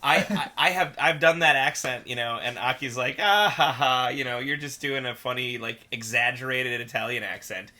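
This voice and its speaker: A man's voice: medium pitch, moderate pace, hardly any pauses. A man in a band's livestream podcast, telling road stories in casual chat, acting out quotes and laughing often. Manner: animated storyteller, acts out quotes, laughs often. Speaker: band member on a podcast.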